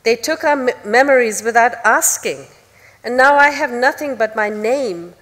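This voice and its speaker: A troubled young woman who has lost her past pleads and gropes for words, as a woman reads her lines. Her voice is raised and high, and it echoes long through a large hall. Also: a bit bright, natural voice. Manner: pleading, halting, searching for words.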